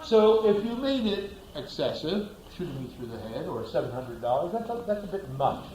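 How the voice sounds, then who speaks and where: A man's voice: on the high side, sing-song, moderate pace, reverberant, crowd noise, poor audio. A man giving a classroom lecture, asking the class rhetorical questions and acting out little scenes.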